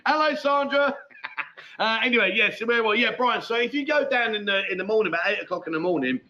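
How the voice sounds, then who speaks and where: A man's voice: high-pitched, rapid-fire, sharp tone, muffled recording. A man hosting a casual live chat show, rambling and matey as he answers viewer comments. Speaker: livestream host.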